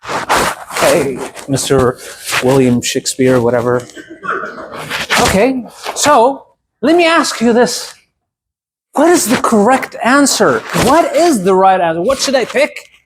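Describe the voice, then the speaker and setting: A man's voice: extremely high pitch, expressive. Saudi man in his thirties telling a story. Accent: Saudi Arabian. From Saudi Arabia. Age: 30s. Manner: storytelling with dramatic pauses and asides. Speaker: public speaker. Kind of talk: humorous prepared speech. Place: club meeting room. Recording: noisy room recording.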